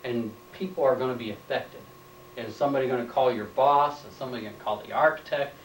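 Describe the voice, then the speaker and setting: A fast-talking instructor with a mid-range voice runs a training lecture, laying out points plainly before turning them into questions. A camera mic captured him indoors from a distance, leaving slight background noise and roomy, off-mic sound.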